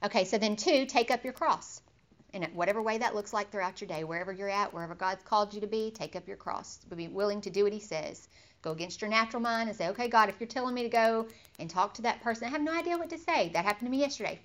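A woman's voice: mid-range voice, quick pace. A woman giving an informal Bible lesson, chatty and personal, acting out little scenes and laughing as she goes. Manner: chatty, acts out quoted inner thoughts, laughs easily. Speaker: Bible study teacher.

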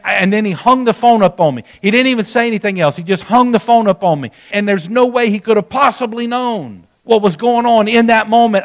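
Pastor guy telling a story in his sermon, fairly high voice, chatty, talks right to the folks in the pews. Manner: folksy storytelling, addresses the congregation directly.

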